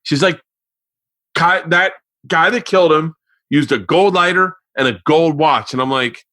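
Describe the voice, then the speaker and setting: Brief: male podcast host, forties, animated storyteller, dry close sound. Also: fairly high pitch, a little slow, no room sound. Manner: animated storyteller, swears a lot, acts out quotes. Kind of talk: casual chat. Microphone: remote podcast mic.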